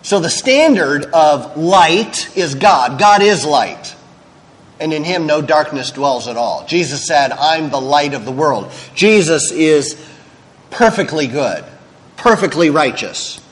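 A man's voice: fairly high pitch, expressive, takes it slowly, big-room sound, rough recording. A male pastor delivering a sermon in a candid, conversational way, with frank asides.

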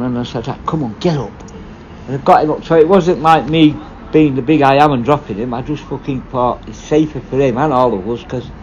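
A former prison officer telling stories casually, blunt and full of swearing, rambling and restarting. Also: male voice, mid-range voice, muffled recording, slight background noise. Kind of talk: casual storytelling.

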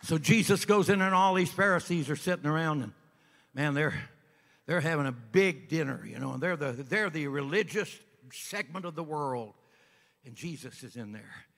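A man preaching a sermon as an evangelist, folksy storytelling that builds up to shouting. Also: fairly high pitch, expressive, normal speed, vocal fry, long reverb tail. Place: church sanctuary.

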